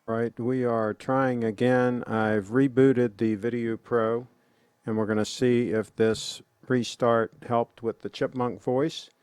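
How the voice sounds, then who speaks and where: A man hosting a casual live stream, talking in a relaxed, chatty way to viewers he calls folks. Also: mid-range voice, slow pace, smooth, no echo. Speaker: host.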